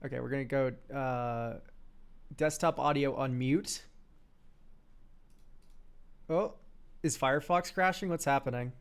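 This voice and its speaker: A man streaming live and reviewing viewers' card decks, excitable and quick to laugh, swearing casually. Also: medium pitch, clean tone. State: choked up, near tears.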